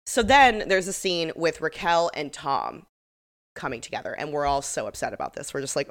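A woman's voice: deep voice, very animated, normal speed. A young woman co-hosting a podcast, chatting casually and animatedly, swearing freely and acting out the quotes she retells. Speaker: podcast co-host. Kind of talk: casual chat recapping reality TV.

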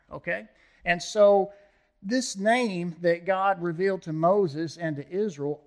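A man's voice: sits high, unhurried. A male pastor teaching a sermon, reading scripture aloud with rising emphasis and asking the congregation to fill in words.

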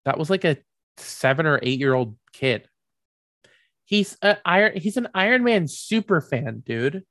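A man's voice: fairly high pitch, very animated, measured pace, fairly bright tone, dry recording, clean studio sound. A man giving ranting commentary, heated and profane, rambling with many fillers and restarts.

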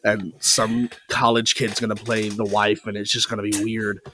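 A man's voice: lowish voice, little pitch movement, moderate pace, bright, forceful tone, slight background noise. Rambling young male podcast host. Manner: rambling, many fillers and restarts. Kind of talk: casual chat.

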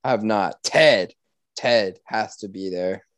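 A young man co-hosting a podcast in casual chat, animated and swearing freely, with sudden loud outcries. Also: on the low side, takes it slowly, no room sound. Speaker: podcast co-host.

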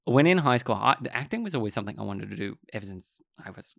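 A man hosting a podcast, chatting casually with his guest and sharing his own story in a halting, filler-heavy way. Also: lowish voice, expressive, vocal fry, no echo, studio quality. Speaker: podcast host. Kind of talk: casual interview chat.

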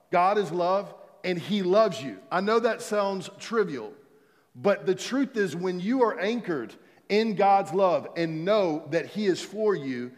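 Emphatic preaching man, reverberant hall. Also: high-pitched. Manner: emphatic, repeats key phrases, leads the congregation in call-and-response. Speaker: pastor. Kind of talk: sermon.

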